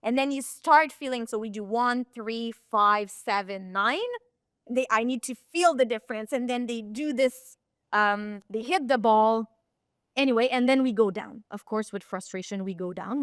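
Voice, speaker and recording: Bright-voiced woman telling coaching stories. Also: on the high side, dry recording, clean studio sound. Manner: animated storytelling, searches for words. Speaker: podcast guest, performance coach. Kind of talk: casual podcast interview.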